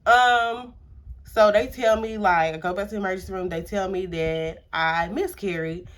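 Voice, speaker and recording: A woman's voice: mid-range voice, normal speed. A young adult woman casually telling a personal story to camera, chatty, repeating herself and using many filler words. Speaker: storytime vlogger.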